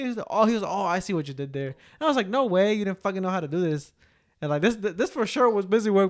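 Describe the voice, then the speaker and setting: A man's voice: high voice, fairly bright tone. A young man in his twenties co-hosting a podcast, telling a joking, slangy story in casual chat. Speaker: podcast co-host.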